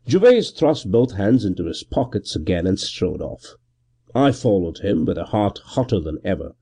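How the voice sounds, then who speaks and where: A man reading a period novel aloud as a first-person narrator, measured and expressive. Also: low-pitched, breathy edge. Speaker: audiobook narrator.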